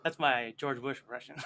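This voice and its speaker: High, lively, bright-voiced male host. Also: breathy edge. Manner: playful, self-mocking, laughs often. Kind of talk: casual banter on a livestream. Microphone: video call.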